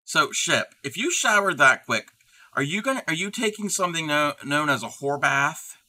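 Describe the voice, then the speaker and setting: Very bright-voiced man chatting on stream. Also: on the high side, very animated, moderate pace. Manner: rambling, reading and answering chat aloud. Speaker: livestream host. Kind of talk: casual livestream chat.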